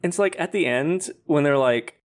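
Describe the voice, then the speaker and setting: A man's voice: on the high side, normal speed. A man co-hosting a podcast in casual chat, rambling and snarky with lots of filler words. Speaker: podcast co-host.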